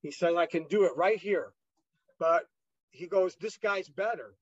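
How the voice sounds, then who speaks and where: A man's voice: high voice, a little slow, slightly rough, no room sound, muffled recording. A man being interviewed, telling his own story in a loose, rambling way, with many fillers and restarts as he re-enacts the dialogue. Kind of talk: casual conversational storytelling.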